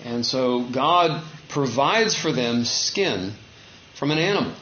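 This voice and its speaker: A man preaching a sermon in a relaxed, conversational way, acting out quoted dialogue with his voice rising. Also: medium pitch, slow, a little hiss or hum. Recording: dull echoey room recording.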